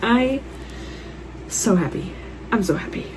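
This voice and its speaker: A woman vlogging her reactions while reading, gushing and excitable. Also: mid-range voice, measured pace, long pauses, slight background noise. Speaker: book vlogger. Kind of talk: casual reading vlog reactions. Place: at home in a warm room.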